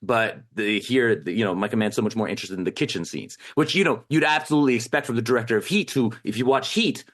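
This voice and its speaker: A man's voice: medium pitch, lively intonation, fast talker. A man film critic in a casual panel chat, rambling and full of fillers as he works through his thoughts.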